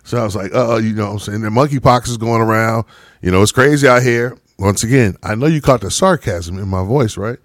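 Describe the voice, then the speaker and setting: A man's voice: on the low side, a little fast, dry recording, studio quality. A man co-hosting a podcast in casual chat, telling stories and checking in with "right?". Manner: storytelling, animated, repeats "right?". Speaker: podcast co-host.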